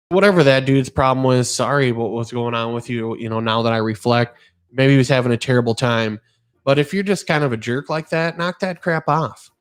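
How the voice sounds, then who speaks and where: A man's voice: mid-range voice, fairly even intonation, brisk, clear, resonant tone. A middle-aged man hosting a podcast, talking in an earnest, rambling way and telling stories with animation. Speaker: podcast host. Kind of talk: casual podcast chat.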